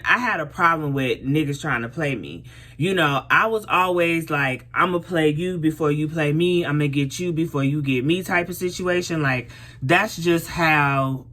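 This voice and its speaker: A woman's voice: sits low, fairly bright tone. A young woman doing her makeup while telling a storytime in casual, blunt, profane chat. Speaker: vlogger.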